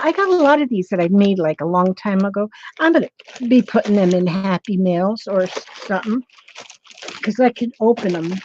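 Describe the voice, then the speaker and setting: A woman's voice: medium pitch, a little mellow, highs cut off, a little hiss or hum. A woman hosting a craft livestream, chatting casually and rambling as she greets viewers by name. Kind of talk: casual live chat with viewers.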